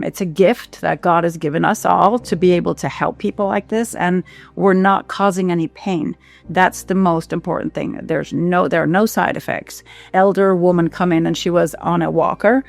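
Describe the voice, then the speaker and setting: Woman, clinic founder, gravelly voice, heartfelt testimonial, halting delivery. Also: on the low side. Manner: heartfelt, halting with fillers and repeats. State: emotional. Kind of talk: emotional testimonial.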